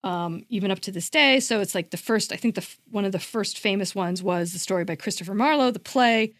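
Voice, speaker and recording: A woman's voice: mid-range voice, fairly quick, fairly bright tone, dry recording, studio quality. A woman co-hosting a podcast in casual discussion. She talks emphatically, repeats herself for stress and says "like" often. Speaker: podcast co-host.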